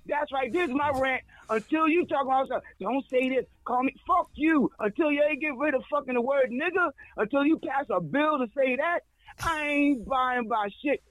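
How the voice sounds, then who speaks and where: A man's voice: extremely high pitch, moderate pace, a bit bright, no room sound, poor audio. A man co-hosting a radio talk show, ranting in a casual, profane way with stammered restarts. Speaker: radio co-host. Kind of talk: casual on-air rant.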